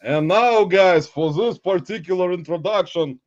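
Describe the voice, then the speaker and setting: A man's voice: sits high, measured pace, dry recording, muffled recording. A man hosting a live stream in playful chat, mock-dramatic and theatrical, laughing often. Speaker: livestream host.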